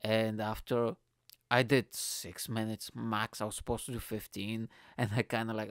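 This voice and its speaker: A man's voice: fairly low pitch, level tone, normal speed, smooth, dry recording, clean studio sound. A young man, a comedian, casually telling a story, acting out quotes, swearing freely and laughing often.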